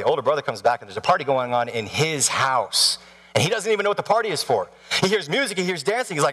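Animated male pastor preaching in a hall. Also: a little high, quick pace. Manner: animated storytelling, asks the audience questions. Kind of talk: sermon. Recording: long hall reverb.

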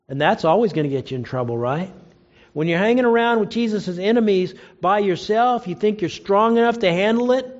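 A man's voice: a little mellow, muffled recording. A man preaching a sermon, retelling a story and acting out the quoted lines. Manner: storytelling, acts out quoted lines with rising pitch.

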